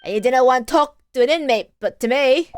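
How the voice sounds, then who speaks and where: Lady doing a brash loud prison boss guy, put-on irish accent, barks every line. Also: sits high, a little fast, soft background music, close to an everyday voice. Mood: blustering. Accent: Irish attempt. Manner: blustering, barking. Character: loud brash male prison governor, gruff.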